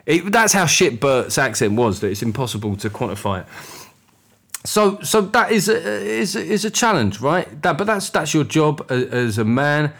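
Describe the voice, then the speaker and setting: A man's voice: on the high side, very animated, moderate pace, vocal fry, fairly bright tone. A middle-aged man hosting a podcast, talking candidly in a sweary, rambling way. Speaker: podcast host. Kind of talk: casual monologue.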